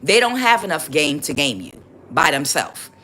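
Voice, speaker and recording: A woman giving a casual tarot reading, animated and sassy, laughing often and calling the listener child. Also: deep voice, moderate pace, slight background noise. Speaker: tarot reader.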